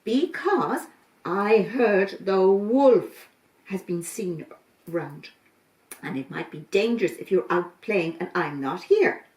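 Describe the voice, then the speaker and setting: A woman's voice: mid-range voice, expressive, slow, darkish tone. A woman doing a worried mother goat. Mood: caring. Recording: roomy, from a distance.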